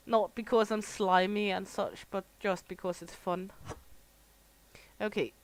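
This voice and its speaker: A woman's voice: mid-range voice, fairly even intonation, measured pace, pauses often, no room sound, low-quality recording. A middle-aged Danish woman with a Danish accent, chatting casually and swearing freely while live-streaming a store game. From Denmark. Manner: chatty, swears freely, laughs often, talks to chat.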